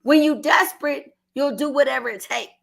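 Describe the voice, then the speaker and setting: A woman's voice: high-pitched, moderate pace, gravelly, a bit bright. A middle-aged woman from Oakland with an Oakland accent, telling an earnest personal story on a call-in show and holding back tears. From Oakland, California. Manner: earnest, repeats herself, fights back tears. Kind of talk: emotional testimony on a call-in show.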